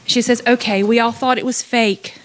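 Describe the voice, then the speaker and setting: Woman, fairly high voice, earnest public commenter at a board meeting. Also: steady tone, moderate pace. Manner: earnest, reading texts aloud with urgency.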